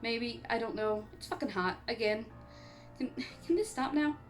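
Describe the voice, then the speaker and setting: A woman's voice: on the high side, normal speed, soft background music. A woman from Canada chatting casually in a horror movie review vlog, rambling and laughing often, and she has the hiccups. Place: home on an island in eastern Canada.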